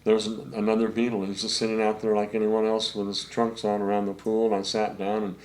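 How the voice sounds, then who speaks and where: A man's voice: on the low side, monotone, fast talker, a little mellow, a little hiss or hum. Older man telling studio stories. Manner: rambling anecdotes with many fillers, acts out quotes. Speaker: session saxophonist guest. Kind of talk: relaxed storytelling interview.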